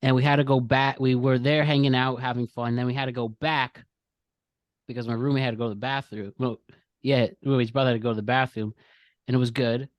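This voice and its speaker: A man's voice: medium pitch, flat delivery, fairly quick, dry recording, dull audio. A young man hosting a casual podcast game, telling rambling stories and often stopping to correct himself. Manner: rambling, self-correcting storyteller who laughs often. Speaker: podcast host running a quiz game.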